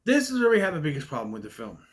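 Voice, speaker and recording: A man's voice: a little high, wildly swooping pitch, very fast. A man giving a casual spoken film review in a ranting, nitpicky way, with a stutter that makes him stall on words. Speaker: movie reviewer.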